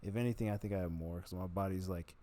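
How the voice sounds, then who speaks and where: A man's voice: deep voice, steady tone, fast talker, warm tone, slight background noise. A man telling a personal story on his video channel in a rambling, blunt way, swearing freely. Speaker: vlogger.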